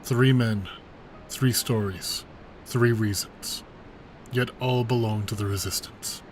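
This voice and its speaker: A man voicing an older male resistance commander while reading game dialogue aloud, earnest and measured. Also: fairly low pitch, fairly even intonation, slight background noise, rough recording.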